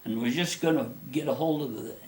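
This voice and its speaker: Gravelly-voiced man rambling through a tale. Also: medium pitch, brisk. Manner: rambling folksy storyteller with many restarts. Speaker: interviewee. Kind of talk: telling a personal story.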